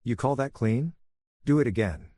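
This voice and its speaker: A man voicing a spiteful, bossy young daughter-in-law in a storybook narration, scornful and shrill. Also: normal speed, mellow, dry recording, clean studio sound, close to an everyday voice.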